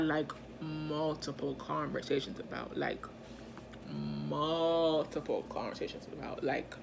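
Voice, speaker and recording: A young woman telling a storytime to her viewers, chatty and animated, loaded with slang and "like." Her voice sits a little low but sounds bright and sharp. Faint background noise sits under the recording. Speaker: vlogger. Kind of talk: casual storytime.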